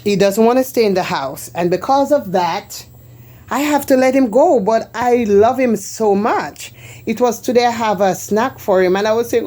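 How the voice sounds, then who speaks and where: A chatty, churchgoing woman gives a casual tour of her home for her vlog. Her voice is slightly high and a bit mellow, at a moderate pace, and she is faith-filled and repeats phrases for emphasis.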